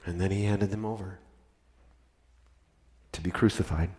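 A man narrating a dramatic scripture reading with expressive, varied emphasis. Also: deep voice, normal speed. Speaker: scripture reader.

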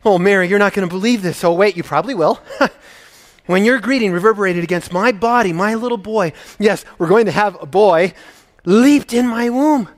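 A man's voice: high voice, normal speed, lightly acted. A man voicing an overjoyed elderly woman, effusive and exclaiming blessings. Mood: joyful.

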